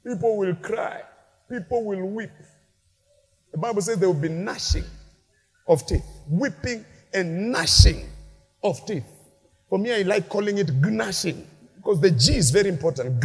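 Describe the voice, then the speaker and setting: Male pastor, high animated delivery, long church-hall reverb. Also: gravelly, breathy edge. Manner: animated, shouting peaks, playful asides to congregation. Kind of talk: lively sermon.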